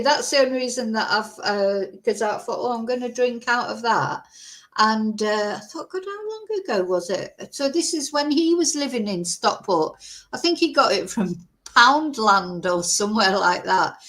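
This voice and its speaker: A middle-aged woman with a Mancunian accent talks to her livestream viewers in a loose, wandering way. She drifts off topic and teases herself for it. Her voice sits at an ordinary middle pitch. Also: a bit bright. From Manchester, England. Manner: chatty and rambling, self-mocking. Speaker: channel host. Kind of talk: casual livestream chat.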